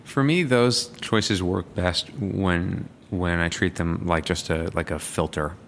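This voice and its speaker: A man's voice: low-pitched, takes it slowly, gravelly, big-room sound, slight background noise. A man, an improviser, chatting casually and reflectively about his craft. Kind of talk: casual chat.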